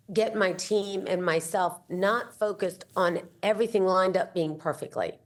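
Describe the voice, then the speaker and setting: A woman in her fifties, an entrepreneur guest telling a story in an interview and acting out the dialogue as she goes. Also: lowish voice. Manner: animated, acts out the dialogue in her stories.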